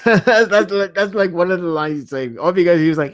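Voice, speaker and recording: A man hosting a casual podcast chat, animated, laughing often and swearing casually. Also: high-pitched, fast, hardly any pauses. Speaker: podcast host.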